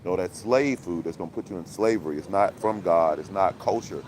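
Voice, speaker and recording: A low-voiced man holds forth in loose, rambling commentary. He talks in a preachy, conspiratorial way, piles on fillers, and breaks into laughs. There is faint outdoor noise behind him. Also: brisk, darkish tone. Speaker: commentary channel host.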